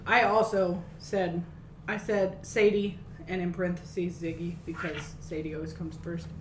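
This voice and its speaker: A woman's voice: fairly low pitch, flat delivery, measured pace, far from the mic, slight background noise. A woman co-hosting a casual movie podcast, chatty and self-mocking, swearing freely. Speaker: podcast co-host. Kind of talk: casual movie review chat. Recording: echoey room, voice set back from the mic.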